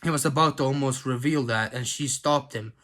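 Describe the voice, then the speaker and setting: A man's voice: medium pitch, fairly bright tone. Tired man rambling through a review. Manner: halting, many fillers and restarts, clears throat often. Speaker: TV episode reviewer. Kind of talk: casual spoken review.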